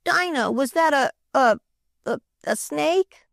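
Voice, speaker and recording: A woman's voice: a little high, big pitch swings, slow pace, no room sound, studio quality, voice pushed up, exaggerated voice. A woman doing an eager little boy. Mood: frightened. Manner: insistent, stumbling over words.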